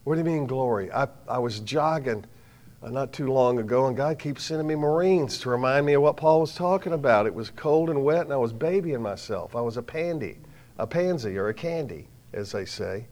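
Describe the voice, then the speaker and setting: Folksy preacher telling stories. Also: male voice, medium pitch, moderate pace. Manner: folksy, animated storytelling with sudden loud bursts and quiet drops. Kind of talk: sermon with personal stories.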